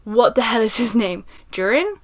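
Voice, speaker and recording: A young woman giving a casual spoken book review, chatty and animated, laughing often. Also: a little high, normal speed.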